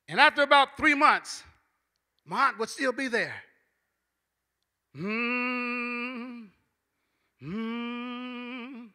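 A man preaching a sermon as a church elder, with a repetitive cadence that builds into shouting. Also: very high voice, in a large hall. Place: church sanctuary.

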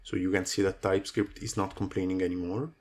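Man with a low voice explaining code. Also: little pitch movement, fast talker, a little mellow. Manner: talks through code with many fillers. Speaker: coding tutorial host. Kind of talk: screen-recorded coding tutorial.

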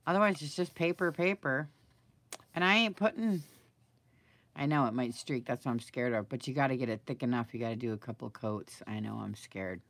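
In a casual live crafting video, a middle-aged woman works on a project while thinking aloud and requesting advice from viewers. Her pitch is extremely low, she talks a little fast, and there's no echo.

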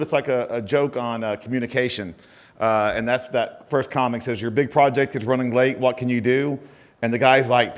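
A man giving a conference keynote, chatty and animated, loading his talk with "uh" and "it's like" fillers and leaning into mock-outraged emphasis. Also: medium pitch. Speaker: keynote speaker. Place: conference stage.

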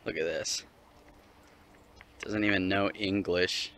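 A man's voice: sits low, fairly even intonation, slow, very noisy. A man vlogging casually, short on sleep, talking to his dog in an exasperated, swearing, mock-scolding way.

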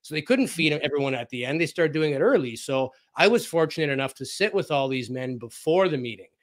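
A man's voice: on the high side, expressive, fast. A man as a guest on a radio interview, telling personal stories in a casual, anecdotal way and acting out quoted conversations. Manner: anecdotal, acts out quoted dialogue, frequent fillers.

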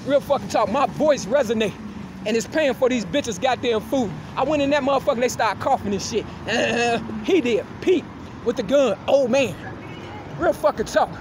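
A high-pitched woman shouts a loud, confrontational, profane rant. She repeats her taunts over and over. The recording is made outdoors, with traffic and car noise clearly audible behind her. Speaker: vlogger. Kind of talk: angry street rant.

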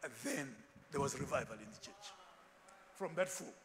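A man preaching a sermon in a large church hall, lively and animated, acting out quotes and slipping into Ndebele asides. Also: medium pitch, moderate pace, slight background noise. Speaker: pastor.

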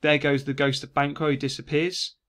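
A man, a teacher giving a casual revision lesson and reading quoted lines with lively emphasis. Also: a little high, a little fast. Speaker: English teacher.

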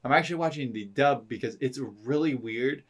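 A man's voice: medium pitch, moderate pace. A man co-hosting a casual podcast, talking in rambling bursts with frequent restarts and laughter. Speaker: podcast co-host. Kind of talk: casual chat.

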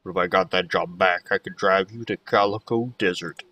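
A man voicing a glum, down-on-her-luck woman bus driver in a lowered husky voice. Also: steady tone, moderate pace, pushed and bright, distant mic, full character voice.

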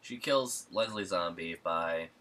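Here a man co-hosting a podcast walks through a movie's plot slowly, his low voice bright and forceful. He rambles casually, dropping plenty of "um"s and "like"s along the way.

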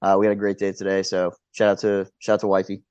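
Laid-back and fast-talking, this thirties-aged podcast co-host keeps the casual conversation rolling, restarting sentences with a stammer, cursing and laughing. He has a deep, monotone, slightly mellow voice with a clear, resonant tone and no echo, though the audio overall is dull, lo-fi podcast quality.

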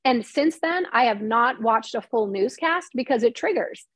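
With a slightly high voice and lively intonation at normal speed, a middle-aged former TV reporter is heard with no room sound. She tells an interviewer a personal story with candor and emotion, voicing the things people said to her.

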